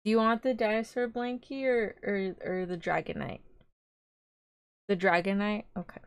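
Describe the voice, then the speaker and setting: A woman's voice: mid-range voice, steady tone, moderate pace, gravelly, smooth, dry recording, clean studio sound. A young woman streaming live as a vtuber, chatting casually in a rambling, giggly way.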